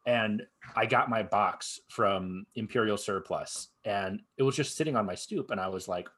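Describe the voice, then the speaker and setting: A young man chatting casually as a guest, telling his story with lively acted-out reactions. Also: lowish voice, moderate pace. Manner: animated storyteller acting out his own past reactions. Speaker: guest cosplayer. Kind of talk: casual chat.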